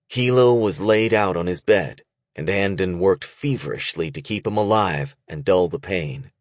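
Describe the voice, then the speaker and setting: A man narrating an audiobook in a measured, expressive reading. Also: low-pitched, dry recording, studio quality. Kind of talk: scripted narration.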